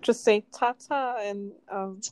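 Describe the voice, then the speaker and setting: A woman co-hosting a casual podcast, pausing often with uh and um. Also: fairly high pitch, steady tone, no room sound, poor audio. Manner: hesitant, trailing with uh and um. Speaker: podcast co-host. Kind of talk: casual chat.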